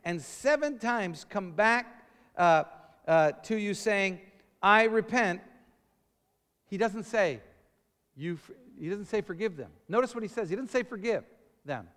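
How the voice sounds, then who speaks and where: A man preaching a lively sermon, calling out to the congregation for amens and acting out short scenes as he goes. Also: high voice, measured pace, long pauses, big-room sound. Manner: animated, call-and-response preaching. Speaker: pastor.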